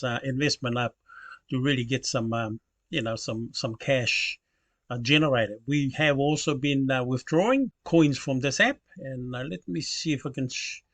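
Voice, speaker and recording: A man's voice: mid-range voice, fairly bright tone, dry recording. A man hosting his channel, talking casually through a screen recording with many fillers and self-corrections. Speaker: channel host.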